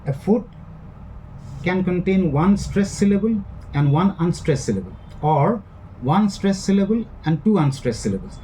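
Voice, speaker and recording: A man giving a classroom lecture, speaking in a measured way that repeats and rephrases each point. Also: high-pitched, animated, mellow, a little hiss or hum, low-quality recording. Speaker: English literature lecturer.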